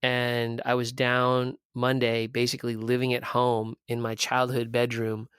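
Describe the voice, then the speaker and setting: A man's voice: medium pitch, measured pace, smooth, no echo, studio quality. Blunt, profane man telling his story. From Southern California. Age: 30s. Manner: blunt, profane, animated storyteller who acts out quoted dialogue. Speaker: podcast guest. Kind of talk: candid conversational storytelling.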